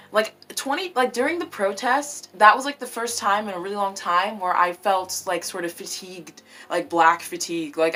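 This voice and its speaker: A woman vlogging in a casual, animated way, swearing freely and tossing in French words. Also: on the low side. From United States. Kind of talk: casual opinion vlog.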